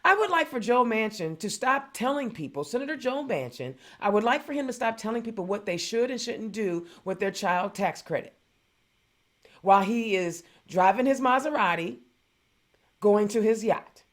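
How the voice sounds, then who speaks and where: A woman from hosts a political talk show, her slightly high voice driving an indignant rant. She hammers her points home by repeating phrases. The delivery stays impassioned and conversational throughout. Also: animated, normal speed. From Indiana.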